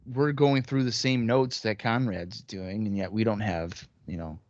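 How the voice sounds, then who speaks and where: A man's voice: fairly low pitch, fairly even intonation, unhurried, no echo, highs cut off. A man co-hosting a wrestling podcast in casual chat, blunt and jokey, swearing as he rants. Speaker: podcast co-host.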